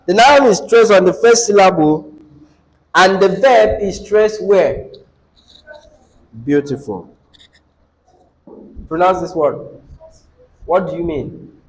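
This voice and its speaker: Slow high-voiced Nigerian teacher. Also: male voice, animated, poor audio. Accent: Nigerian English. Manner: dictates rules slowly and repeats them, quizzing students. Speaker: English teacher. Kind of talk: classroom lesson. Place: classroom with students.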